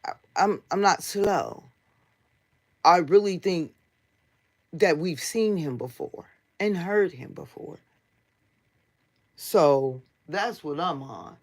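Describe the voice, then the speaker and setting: A woman's voice: lowish voice, lively intonation, takes it slowly, long pauses. An American woman hosting a casual livestream, talking straight to her viewers in a blunt, heated and profane way. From United States. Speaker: livestream host.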